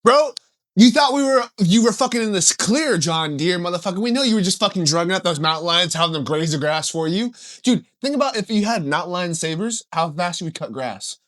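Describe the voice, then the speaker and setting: A young man co-hosting a casual podcast, his voice sitting a little high. He rambles through a made-up tale, swearing freely and breaking into laughter mid-line. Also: animated, brisk, a bit bright. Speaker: podcast co-host. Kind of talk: casual comedic chat.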